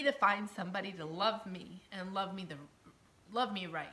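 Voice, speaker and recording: A woman shares her personal testimony earnestly and from the heart, speaking at a normal speed. Her voice is bright and forceful but sits a little low, often dropping to a hushed near-whisper, and she laughs softly between phrases.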